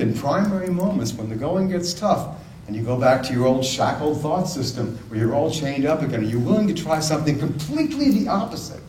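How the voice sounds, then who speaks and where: A man's voice: medium pitch, a little mellow, a little hiss or hum. A man giving a spiritual talk, retelling a story and asking the listeners earnest questions. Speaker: spiritual speaker. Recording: roomy, distant mic, faint ambience.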